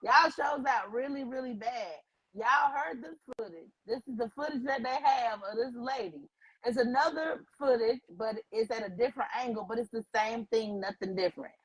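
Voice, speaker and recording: Woman co-host, fairly high voice, animated and profane, casual chat to viewers. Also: moderate pace, low-quality recording.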